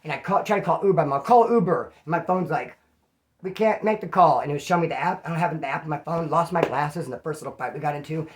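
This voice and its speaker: A man telling a rough personal story in casual, profane street slang. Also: on the high side, fairly even intonation, very fast, hardly any pauses. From California. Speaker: vlogger.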